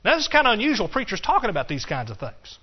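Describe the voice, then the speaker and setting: A male pastor delivering a sermon in church with a folksy, animated delivery that jumps from loud exclamations to quiet, hushed asides. His voice sits a bit high for a man. The recording is dull and lo-fi. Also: very fast, breathy edge.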